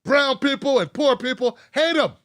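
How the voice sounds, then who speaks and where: A petulant, grumbling TV viewer, put on by a man who whines in a high, exasperated voice. The sound is dry and close, with sarcasm in every complaint. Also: animated, moderate pace, fairly bright tone, dry recording. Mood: whining. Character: whiny petulant bigoted male TV viewer.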